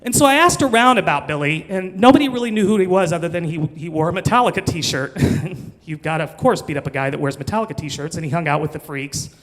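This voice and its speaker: A man's voice: a little high, lively intonation, fast talker, a bit bright. A man in his forties from Missouri, telling a comic personal story with chatty, self-mocking asides and laughter. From Missouri, USA. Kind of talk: live comedic storytelling. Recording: long hall reverb.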